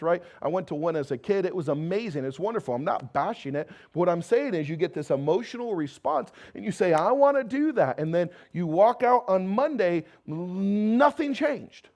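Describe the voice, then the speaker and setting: This American pastor, whose voice is on the high side, delivers a sermon before his congregation in the church sanctuary. He moves from loud, emphatic calls down to quiet, intimate moments, tossing in the occasional joke along the way.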